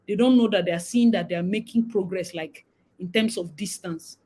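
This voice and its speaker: A woman's voice: medium pitch, brisk, slightly rough, low-quality recording. A young woman from Nigeria with a Nigerian accent, hosting a casual livestream chat and slipping into Pidgin now and then. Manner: animated, mixing in Nigerian Pidgin. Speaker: livestream host.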